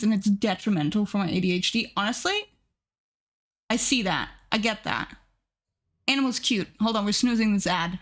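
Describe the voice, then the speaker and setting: A woman streaming live and chatting casually with her viewers, repeating herself and gushing in high squeals. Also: normal speed.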